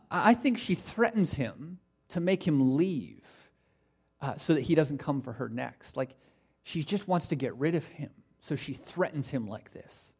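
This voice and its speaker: A man preaching a sermon in a conversational way, with casual asides and animated retellings. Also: mid-range voice. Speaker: pastor.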